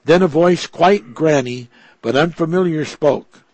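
Slow, husky man telling a religious story. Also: fairly high pitch, darkish tone, dry recording. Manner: hesitant, frequent restarts and stumbles. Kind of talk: slow reading of a story with commentary.

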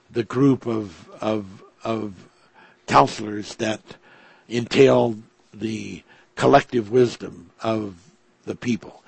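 A man telling a religious story slowly and hesitantly, with frequent restarts and stumbles over words. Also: medium pitch, creaky, slightly rough, dry recording. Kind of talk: slow reading of a story with commentary.

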